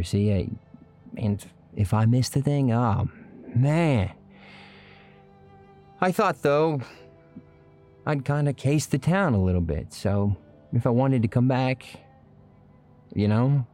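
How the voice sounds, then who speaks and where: A man's voice: mid-range voice, slow pace, long pauses, warm tone, soft background music, natural voice. An actor playing an earnest young man who narrates his own time-travel adventure in a folksy, colloquial way and stammers when flustered, in old-time radio drama style. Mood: storytelling. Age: young adult. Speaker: narrator and lead character.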